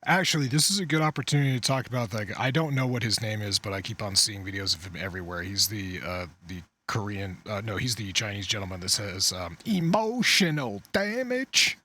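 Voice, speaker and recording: A man hosting a casual podcast chat, animated and swearing freely, laughing often. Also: lowish voice, fast, hardly any pauses, slightly rough. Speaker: podcast host.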